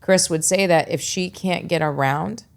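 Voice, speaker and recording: A woman's voice: lowish voice, normal speed, gravelly. A woman hosting a podcast interview, chatty and encouraging, casually blunt in her wording. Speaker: podcast host.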